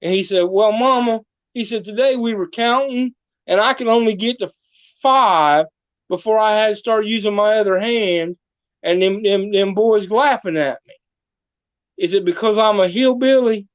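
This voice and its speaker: A man's voice: high-pitched, normal speed, clear, resonant tone, lo-fi sound. A man telling a comedic folksy story as a guest, drawling and full of country sayings.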